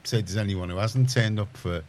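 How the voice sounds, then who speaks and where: A deep-voiced middle-aged man with a Liverpool accent chats on a community radio show. He rambles and restarts his sentences, then gets emphatic on points he cares about. A light background hiss sits under the studio sound. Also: brisk, a little mellow. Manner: rambling, self-correcting, gets heated and emphatic. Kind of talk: casual radio chat.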